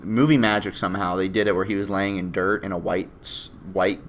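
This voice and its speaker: A man co-hosting a casual movie review chat, animated, laughing often and acting out quoted lines. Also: low voice, brisk, a little hiss or hum. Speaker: podcast co-host.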